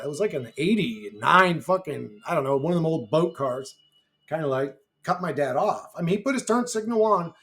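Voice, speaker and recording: A man telling a rambling personal story to camera in a brash, profane way. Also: a little high. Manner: brash, heavy swearing, rambling. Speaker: YouTuber. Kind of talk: casual storytelling.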